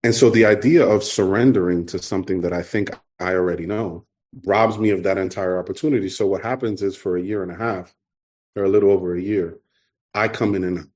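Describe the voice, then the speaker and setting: A middle-aged man from New York with a New York accent, telling his recovery story to a meeting in an earnest, halting way. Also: low voice, steady tone, a little mellow. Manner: earnest, halting, repeats himself. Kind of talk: personal testimony talk.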